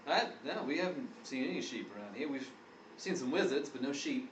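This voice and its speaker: A man speaking playfully in character during a tabletop game, laughing between lines. His pitch moves a lot, and he is heard from a distance in an echoey room. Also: expressive, a little fast, a little hiss or hum. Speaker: player.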